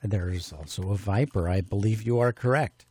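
A man's voice: lowish voice, moderate pace, mellow, husky. A man hosting a casual homemade radio show, bantering playfully in a fatherly way. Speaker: host.

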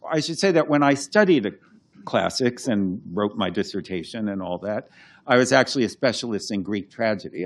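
Low-voiced man explaining with many restarts. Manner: explains slowly with many restarts and fillers, hums out verse rhythms. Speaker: classicist and translator. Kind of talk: unscripted talk.

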